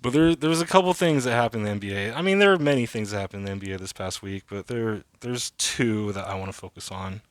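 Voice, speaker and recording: A man's voice: lowish voice, fast, hardly any pauses, dry recording. A man in his thirties hosting a casual solo podcast, rambling and swearing freely with lots of fillers. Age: 30s. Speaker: podcast host.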